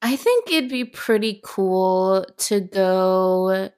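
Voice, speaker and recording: A woman's voice: mid-range voice, animated, extremely slow, darkish tone, smooth. A young adult woman co-hosting a podcast, bubbly and laughing easily as she leads the questions in casual chat. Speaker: podcast co-host.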